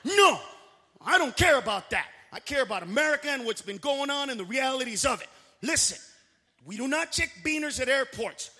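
Brash, high-voiced shouting comedian. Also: male voice, sing-song, a little fast, long reverb tail. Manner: loud, brash, shouting punchlines. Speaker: stand-up comedian. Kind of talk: stand-up comedy routine.

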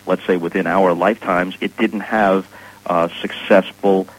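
A man's voice: low voice, fairly even intonation, unhurried, rough recording. A middle-aged man, a sportscaster guest, telling stories and giving opinions in a casual, articulate way with dry humor, heard over a radio broadcast. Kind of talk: casual interview chat.

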